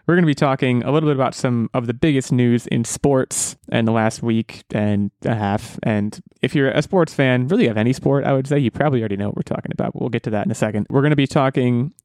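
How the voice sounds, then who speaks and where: A man in his thirties hosts a casual podcast, chatty and self-deprecating and often restarting his sentences. His voice sits at an ordinary pitch, and the sound is dry and close to the mic. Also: brisk, darkish tone, no room sound. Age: 30s. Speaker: podcast host.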